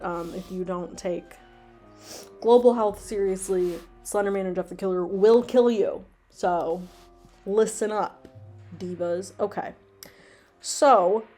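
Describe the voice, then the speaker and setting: A young woman riffs through a comedy reading with a loose, rambling, ironic manner, full of ums and side comments. Her voice sits at an ordinary mid pitch, with faint music underneath. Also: darkish tone. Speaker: video host reading fan fiction.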